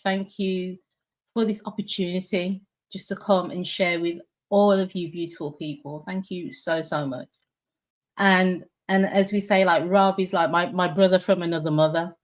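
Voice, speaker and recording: A woman with a British accent, a facilitator speaking as a guest at an online summit. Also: on the low side. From England. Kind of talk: casual talk.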